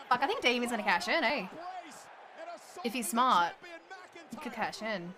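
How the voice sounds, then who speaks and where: A young woman streaming a game, excitable, swearing often and laughing between reactions. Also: a little high, normal speed, long pauses, a crowd in the background. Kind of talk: casual live-stream commentary.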